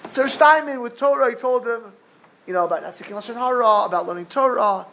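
A man teaching a Torah class, telling a story in a halting way with many repeated words. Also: very high voice, vocal fry, sharp tone, slight background noise, poor audio.

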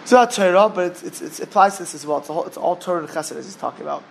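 A man teaching a Torah class, telling a story in a halting way with many repeated words. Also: high-pitched, creaky, background noise.

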